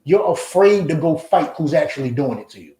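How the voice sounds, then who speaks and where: A man preaching a confrontational lesson to his group, blunt and forceful, again and again asking whether his listeners understand. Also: on the high side, expressive, brisk, reverberant, low-quality recording. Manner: blunt, forceful, repetitive questioning. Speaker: Hebrew Israelite teacher.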